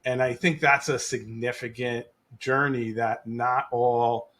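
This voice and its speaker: Animated man co-hosting a podcast. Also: medium pitch, slow. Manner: animated, restarts often, acts out quoted voices. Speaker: podcast co-host. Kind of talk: casual podcast conversation.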